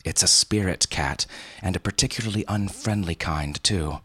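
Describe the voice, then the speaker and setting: A man's voice: low voice, normal speed, bright, forceful tone, husky, no room sound, full character voice. A man voicing a sassy teenage bayou girl. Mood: firm. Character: stubborn, teasing 17-year-old bayou girl.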